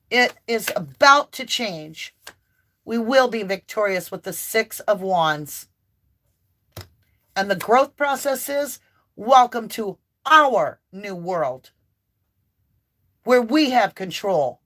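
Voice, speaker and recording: Slow, fervent woman reading tarot. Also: medium pitch, sing-song. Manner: fervent and emphatic, at times near yelling; chatty, folksy asides to viewers. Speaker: tarot reader and channel host. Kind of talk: impassioned tarot reading to camera.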